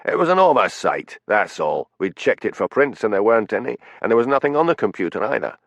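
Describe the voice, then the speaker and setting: A man's voice: fairly low pitch, sing-song, fairly quick, creaky, fairly bright tone, dry recording, full character voice. A man voicing a surly, truculent forensic officer defending himself.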